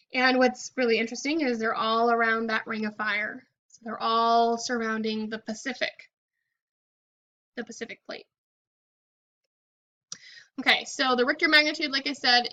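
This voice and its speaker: Bright-voiced woman giving a casual lecture. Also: fairly high pitch, dull audio. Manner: casual explanatory, frequent "um" and "okay". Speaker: college geology instructor. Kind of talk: recorded video lecture.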